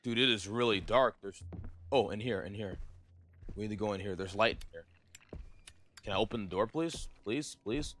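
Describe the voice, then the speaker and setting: A young man streaming a horror game, jumpy and excitable, swearing often as he plays. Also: on the low side, brisk. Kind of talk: live gaming stream commentary.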